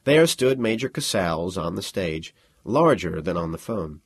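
A man narrating an audiobook in an expressive, lively storytelling manner. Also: sits low, a little slow, breathy edge, no echo, clean studio sound. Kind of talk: scripted narration.

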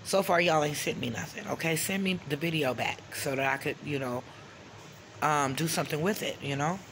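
A woman's voice: low-pitched, moderate pace, fairly bright tone, a little hiss or hum. A middle-aged woman hosting her own vlog, talking bluntly and angrily with lots of swearing, often checking in with "okay?". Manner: blunt, profane, keeps asking "okay?"; vents anger openly. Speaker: channel host. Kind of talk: casual vlog talk to camera.

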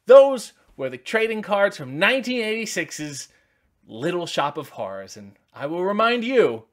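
A man's voice: high-pitched, sing-song, unhurried. A man in his forties hosting a casual unboxing video, rambling with wry jokes and many asides. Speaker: channel host.

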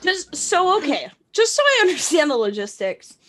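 A woman's voice: high voice, big pitch swings, moderate pace, a bit bright. A woman co-hosting a podcast, teasing her guest in playful casual chat. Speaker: co-host.

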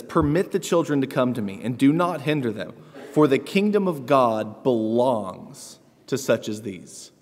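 Man preaching a sermon in a reverberant church. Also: fairly high pitch. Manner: earnest, warm storytelling with light laughs and fillers. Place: church sanctuary. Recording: long church hall reverb.

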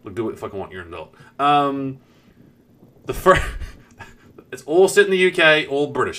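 A young man with a thick southern New Zealand accent chats on a live game stream, drifting off his story to greet viewers and swearing casually. His voice is bright and lively, and his pitch sits at an ordinary middle height. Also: normal speed, pauses often. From South Island, New Zealand. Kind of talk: casual live-stream chat while gaming.

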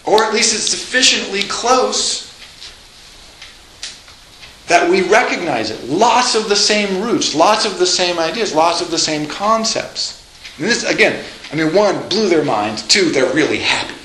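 A man lecturing a college class live, lively and joking, with asides and frequent restarts. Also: sits high, measured pace, a little hiss or hum. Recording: echoey lecture room.

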